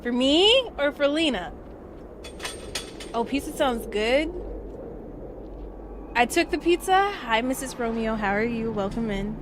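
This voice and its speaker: A young woman streaming live, chatting casually and swinging from loud excited squeals to low mutters. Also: unhurried, noisy background. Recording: game music playing behind.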